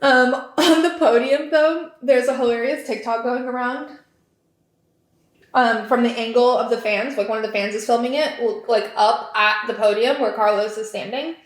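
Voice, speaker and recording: A woman's voice: a little high, fairly even intonation, moderate pace. A young woman hosting a podcast in casual chat, giggling and talking in a loose stream of fillers and "like". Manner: chatty, giggly, lots of fillers and likes. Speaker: podcast host. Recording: echoey room.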